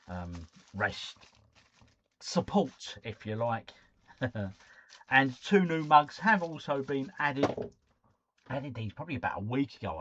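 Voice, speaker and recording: Male stream host, mid pitch, easygoing chat, greets viewers by name, dry muffled home recording. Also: fairly bright tone, no room sound. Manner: chatty, reads out viewer comments and greets them by name. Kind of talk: casual live stream chat. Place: at home, drinking cider.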